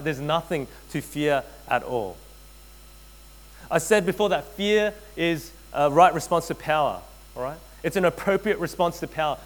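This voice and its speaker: A man preaching a sermon, earnest and direct, addressing his listeners as friends and repeating key phrases, often dropping to a hushed intensity. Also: fairly high pitch, poor audio. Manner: addresses listeners as friends, frequent tag questions. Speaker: pastor.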